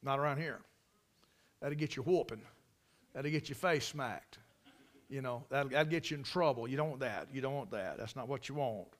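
A mid-range male voice at normal speed carries a folksy sermon to a church congregation. The man drawls in a Carolina Southern accent, spinning stories and breaking in with emphatic asides during the service.

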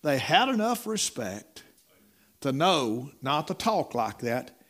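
A man's voice: fairly high pitch, big pitch swings, takes it slowly, fairly bright tone. A middle-aged man preaching a sermon in a folksy storytelling way, repeating words and calling listeners "my friend.".

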